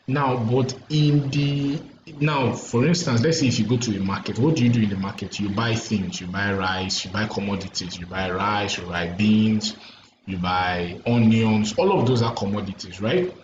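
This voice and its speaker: Late at night indoors, a yawning, weary man with a Nigerian accent explains trading in a casual lecture, his fairly low voice moving at normal speed as he keeps checking in with "right?" and "you understand?". Expect an echoey room, lo-fi dullness, and light background hiss.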